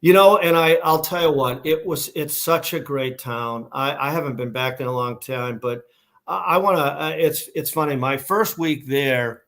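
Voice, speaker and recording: A man's voice: on the high side, normal speed, fairly bright tone. Boston man telling a rambling story. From Massachusetts, USA. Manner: rambling, many restarts and fillers. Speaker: guest, shoe company founder. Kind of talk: casual storytelling interview.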